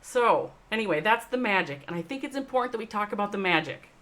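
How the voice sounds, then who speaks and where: A woman hosting a live stream, talking straight to chat viewers. She swings between loud, emphatic, swearing bursts and slow, soft reflection. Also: medium pitch, lively intonation. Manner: addresses chat viewers by name. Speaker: livestream host, esports org owner. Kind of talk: emotional livestream monologue.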